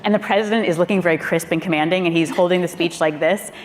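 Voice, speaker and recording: A woman with a fairly low voice tells a story on a stage panel, animated and quick to act out the voices of the people in it. The sound carries a long hall reverb over a faint hiss. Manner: animated, acts out quoted voices with big pitch jumps. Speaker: former presidential speechwriter, panelist.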